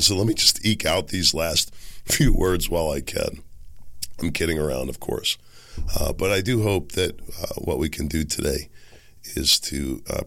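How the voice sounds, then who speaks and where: Raspy sick guy hosting a solo podcast, real low gravelly voice, hoarse. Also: bright, forceful tone, no room sound. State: hoarse from a cold. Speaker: podcast host.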